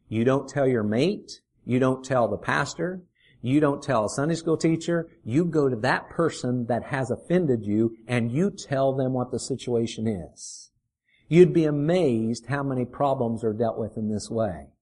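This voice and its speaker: A middle-aged man preaching a sermon, earnest, putting questions to the congregation and slowing down to stress his points. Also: mid-range voice, a little mellow. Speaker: pastor.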